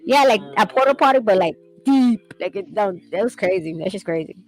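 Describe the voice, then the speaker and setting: A woman's voice: medium pitch, lively intonation, a little fast, poor audio. A young woman chats loosely while she draws. She rambles from one story to the next, laughs often and swears casually. Faint music plays underneath. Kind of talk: casual chat while sketching.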